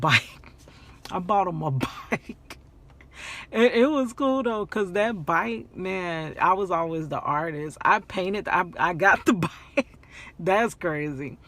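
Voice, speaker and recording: Slow-talking woman telling a story. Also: low voice. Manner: animated, laughing often, repeating phrases for emphasis. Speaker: vlogger telling her story. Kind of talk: casual storytime.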